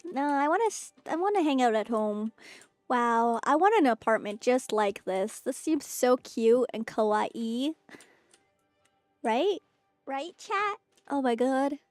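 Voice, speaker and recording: A woman's voice: sits high, lively intonation, takes it slowly, no echo, faint music behind. A woman streaming a game in a playful, flirty way, chatting to her viewers. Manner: playful, flirty, talks to chat.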